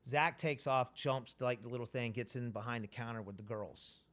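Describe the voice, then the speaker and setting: A man's voice: mid-range voice, normal speed. A man telling a story as a podcast guest in casual, profane talk, acting out the lines of the people he describes. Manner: profane, animated, acts out quoted dialogue.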